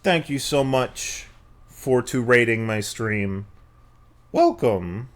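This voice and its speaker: A young man streaming a game live, cursing and yelling at it between quieter chat with viewers. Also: mid-range voice, slow, a little hiss or hum. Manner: profane, yelling at the game, lively swings. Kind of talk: live gameplay commentary.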